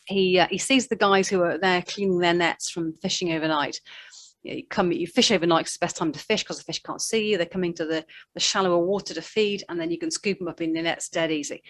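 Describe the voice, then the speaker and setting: A woman's voice: on the low side, fairly even intonation, quick pace. A woman giving a conversational sermon, telling the story in a chatty way with asides. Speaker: preacher.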